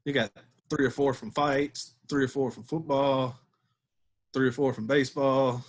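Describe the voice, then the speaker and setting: A man's voice: mid-range voice, little pitch movement, a little slow. A man, a podcast guest telling a story in a laid-back way and laughing as he goes. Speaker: podcast guest, former catcher. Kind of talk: casual storytelling.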